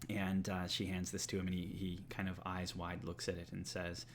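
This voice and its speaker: A man narrating as game master for a tabletop role-playing game, in a relaxed way with many fillers. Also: low voice, normal speed, a little hiss or hum.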